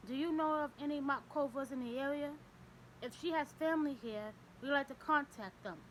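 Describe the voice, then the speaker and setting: A woman's voice: high-pitched, moderate pace, slight background noise, lightly acted, rough recording. Woman reading a patient male detective. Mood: steady. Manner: polite, persistent questioning.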